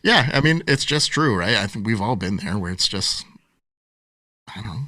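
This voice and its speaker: Animated man telling a story. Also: on the low side, moderate pace, no echo. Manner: animated storyteller who acts out quotes and laughs often. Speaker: podcast guest, author and speaker. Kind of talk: storytelling in a casual interview.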